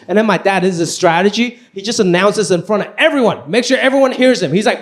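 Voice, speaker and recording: A man performing live stand-up comedy, telling stories with high energy. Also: fast, hardly any pauses, a little hiss or hum. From Los Angeles. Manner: animated, high-energy storytelling. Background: audience laughing.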